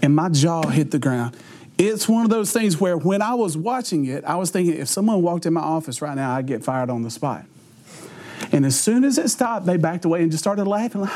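A middle-aged man, a youth pastor telling humorous stories to teenagers, laughing often and acting out what people said. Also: on the high side. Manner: laughs often mid-sentence, animated, acts out quotes. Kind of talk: humorous storytelling talk to teenagers.

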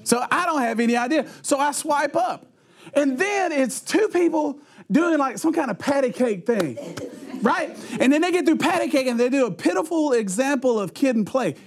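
A middle-aged man speaks to a youth group in a high voice that swoops up and down with a lot of life. He keeps laughing through his own lines and acts out the quotes in his stories, as if chatting with the teens. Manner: laughs often mid-sentence, animated, acts out quotes. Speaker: youth pastor. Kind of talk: humorous storytelling talk to teenagers.

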